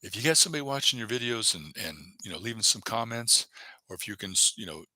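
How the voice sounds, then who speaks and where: A man's voice: lowish voice, animated, quick pace, bright, forceful tone, no room sound. A man hosting a casual livestream, rambling and encouraging as he reads out viewers' chat. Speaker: YouTube livestreamer.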